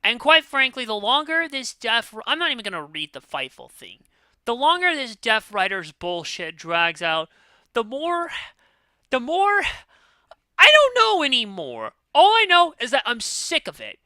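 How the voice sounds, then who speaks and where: Fairly high-pitched and very animated, her voice is bright and forceful, a little slow, in a dry recording. This podcast co-host talks wrestling predictions casually, ranting and cursing freely, swinging from furious outbursts to weary sighs.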